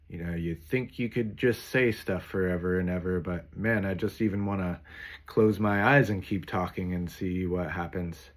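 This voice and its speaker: A man who makes music videos, talking slowly and clearly into a microphone to record a voice sample, often listing single words. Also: deep voice. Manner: slow, deliberate and clear, listing words one by one. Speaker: YouTuber and music producer. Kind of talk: unscripted talk for a voice-cloning sample.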